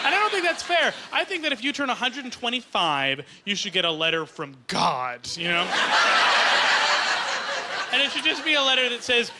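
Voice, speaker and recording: A man from Canada doing a stand-up comedy set, talking fast and bursting into squeaky bits. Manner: excitable, jumps into high squeaky bits. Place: comedy club stage before a laughing crowd. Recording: loud audience laughter and stage noise.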